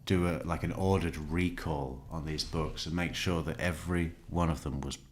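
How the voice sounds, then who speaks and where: A man's voice: very deep voice, steady tone, normal speed. A man giving casual true crime commentary who laughs mockingly at a book he reads aloud.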